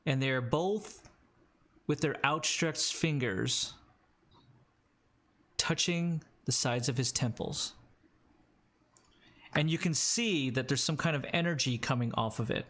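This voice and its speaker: A man's voice: mid-range voice, takes it slowly, pauses often, a bit bright. A man narrating a tabletop role-playing game as game master, describing scenes with small hesitations.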